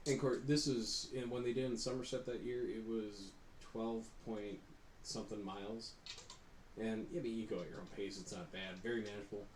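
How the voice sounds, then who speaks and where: Podcast co-host, man with a lowish voice, chatty and animated, recorded in an echoey studio. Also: brisk. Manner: animated storyteller, laughs while telling. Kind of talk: casual chat. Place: shared studio. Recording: roomy studio with faint noise.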